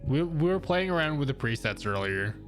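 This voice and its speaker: A man with a fairly high, sing-song voice streams live, talking briskly and casually with viewers, rambling and laughing often. Faint music plays in the background, and his studio mic feeds through an audio mixer.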